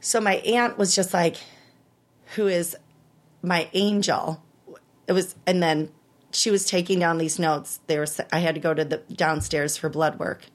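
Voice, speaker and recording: A woman in her thirties, an interview guest telling her story in an animated way, acting out what people said and rising high when she relives the worst moments. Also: unhurried. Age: 30s. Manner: animated, acts out quoted voices, rises high when reliving distress. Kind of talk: emotional personal storytelling.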